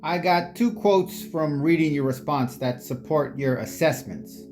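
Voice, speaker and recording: A speaker reading long quotes aloud in a halting way, stumbling over unfamiliar words. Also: mid-range voice, darkish tone, faint music behind. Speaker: reader sharing quotes and sources.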